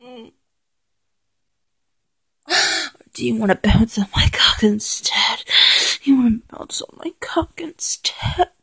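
A woman's voice: fairly high pitch, animated, slow, long pauses, fairly bright tone. A woman performing an intimate adult audio role-play in a dominant voice, murmuring, moaning and half-whispering close to the mic. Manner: dominant, breathy murmuring with frequent moans and half-whispered lines.

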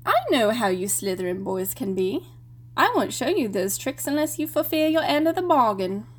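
A woman's voice: on the high side, expressive, slightly rough. A woman playing a teasing young student witch. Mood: playful.

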